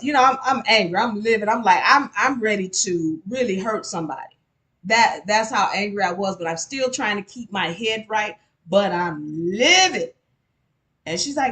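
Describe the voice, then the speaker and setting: A woman's voice: medium pitch, moderate pace. A woman telling a personal story to a live audience, speaking directly to the crowd and pushing her voice up sharply when she gets heated. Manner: animated, addresses the audience directly, voice rises sharply in anger. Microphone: microphone at a live event.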